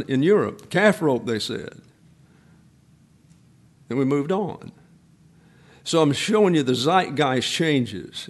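A man in his eighties preaching a sermon, a pastor who drifts into folksy personal stories with frequent restarts. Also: on the high side. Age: 80s.

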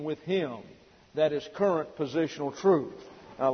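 A middle-aged man preaching a sermon, emphatic and slow on his key words, heard through a dull lo-fi recording in a reverberant hall. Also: a little high, vocal fry, husky. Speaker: pastor.

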